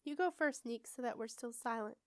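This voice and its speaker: A woman voicing an eager young boy apprentice wizard, urgent and hushed. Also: fairly high pitch, a little fast, no echo, clean studio sound, lightly acted.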